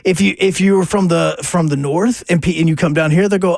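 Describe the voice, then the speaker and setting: A man co-hosting sports talk radio. His voice sits high and grainy, and he rambles through self-deprecating jokes. The studio sound is close and dry. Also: steady tone, fairly quick, gravelly, darkish tone, no room sound. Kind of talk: casual radio banter. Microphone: studio microphone.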